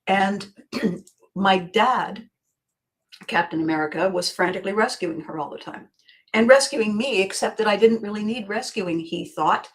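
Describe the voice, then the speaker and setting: A woman hosting a podcast, musing aloud in a reflective self-help monologue, often circling back, repeating phrases and clearing her throat. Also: medium pitch, measured pace. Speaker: podcast host.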